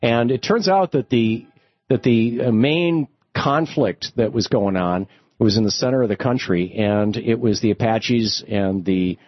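A man's voice: fairly low pitch, a little slow, no room sound, lo-fi sound. A man hosting a call-in radio talk show, chatting with callers and thinking aloud with many restarts.

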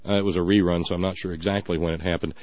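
A man's voice: low-pitched, flat delivery, rapid-fire, no echo. Wry man telling a story, muffled. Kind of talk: casual political talk.

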